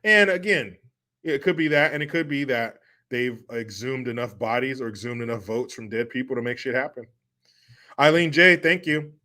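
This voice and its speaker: A sarcastic man hosts a casual livestream, reading viewer comments and ranting at length. He swears freely and mocks what he dislikes. His voice sits at an ordinary middle pitch. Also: moderate pace, bright, forceful tone. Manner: profane, sarcastic, mocking impressions. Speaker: livestream host reading chat.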